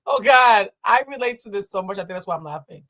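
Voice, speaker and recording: A woman's voice: mid-range voice, lively intonation, quick pace, fairly bright tone. A woman from Boston hosting a live stream, reacting bluntly and profanely to a viral clip and laughing often. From Boston, USA.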